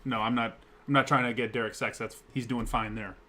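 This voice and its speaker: A young man co-hosting a casual talk show, rambling and swearing as he pitches ideas. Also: fairly even intonation, sharp tone. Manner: rambling, profane, quick-talking. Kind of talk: casual chat.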